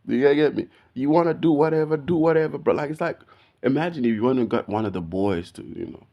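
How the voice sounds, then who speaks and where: A man, telling a story in a casual, slangy, animated way, saying "bro" all the time. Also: mid-range voice, fairly quick. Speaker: video podcast host.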